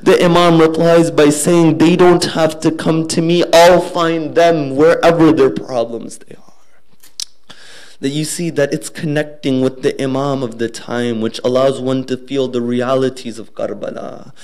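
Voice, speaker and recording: A man delivering a sermon, telling a devotional story earnestly and dropping low and soft at solemn points. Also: steady tone, normal speed, few pauses, rough recording. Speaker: speaker at a religious gathering.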